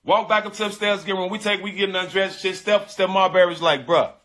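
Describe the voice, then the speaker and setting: Talking fairly quickly in a high, steady, somewhat bright voice, a male guest shares a hurtful personal experience. His emotional telling is sincere, loose, full of slang, and repeats itself.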